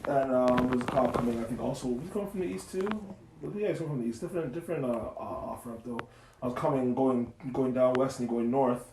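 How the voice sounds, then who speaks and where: A man co-hosting a podcast, telling a story in animated, profane casual chat and acting out the quotes. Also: medium pitch, fast, background noise. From Canada. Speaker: podcast co-host. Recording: roomy echoey room.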